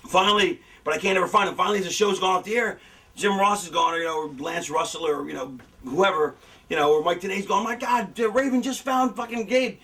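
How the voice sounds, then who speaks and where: Middle-aged guy rambling and cussing about wrestling, highish voice, sounds kinda far from the mic. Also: quick pace. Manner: animated, acts out fan reactions in a higher voice. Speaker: former wrestler talking about booking. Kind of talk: casual rambling storytelling with profanity.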